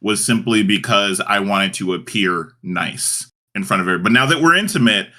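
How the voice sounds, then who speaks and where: A man's voice: fairly low pitch, brisk, bright, forceful tone. A man in a casual group chat, thoughtfully summing up what others said. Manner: thoughtful, summarizing others' points.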